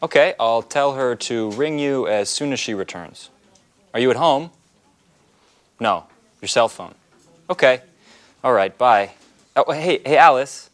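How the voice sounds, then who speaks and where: A man's voice: mid-range voice, lively intonation, unhurried, pauses often, lightly acted. An actor playing an awkward man on the phone who hesitates and stammers in a scripted skit. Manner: hesitant, stammering, full of fillers. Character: awkward flirty man answering a colleague's phone.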